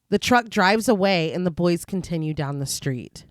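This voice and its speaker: A woman co-hosting a podcast, moving between steady read-out scene summaries and easy banter. She laughs often. Her voice sits in a middle register and sounds dry and close, with no room around it. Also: medium pitch, normal speed, few pauses, no echo. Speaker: podcast co-host. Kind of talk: casual film discussion with read plot recap.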